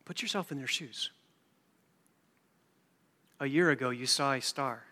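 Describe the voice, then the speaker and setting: A man preaching a sermon, moving from hushed storytelling to loud, emphatic preaching. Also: mid-range voice, measured pace, big-room sound. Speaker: pastor.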